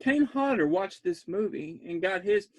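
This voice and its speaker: A man excitedly recapping a bad horror film, rambling, laughing often and breaking into loud disbelief. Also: sits high, a little slow, dry recording. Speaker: podcast host recapping a film.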